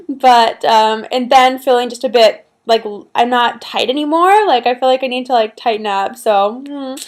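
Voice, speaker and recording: A woman from Canada chatting casually to her laptop at home, rambling with lots of fillers and frequent laughs. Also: a little high. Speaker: vlogger. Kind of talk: casual chat to camera. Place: at home, seated with a pillow at her back. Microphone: laptop built-in mic, laptop on her lap.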